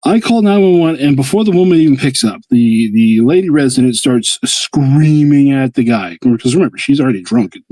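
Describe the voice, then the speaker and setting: A man's voice: fairly quick, few pauses, dry recording, poor audio. A man, host of a hobby livestream, telling a long story in casual chat and acting out the quotes with big jumps in his voice. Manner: animated, acts out quotes with jumps in pitch.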